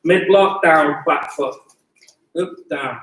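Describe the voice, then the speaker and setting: A man's voice: on the high side, slow, a bit bright. A man teaching an online Muay Thai class, coaching energetically and mixing in sound effects. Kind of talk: online fitness class instruction. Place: gym. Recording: echoey room, voice from a distance.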